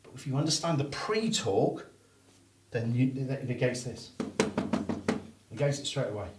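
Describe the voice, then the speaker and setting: A man training students in hypnosis, talking bluntly with plenty of swearing and dropping into slow hypnotic suggestions to demonstrate. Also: mid-range voice, expressive. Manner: blunt and heavily profane. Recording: roomy room, distant mic, faint noise.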